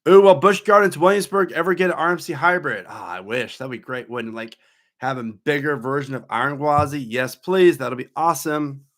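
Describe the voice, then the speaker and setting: Speaking a little fast in a fairly high, fairly bright voice, this thirty-something theme park YouTuber casually works through viewer questions on a live stream. His answers are chatty and meandering.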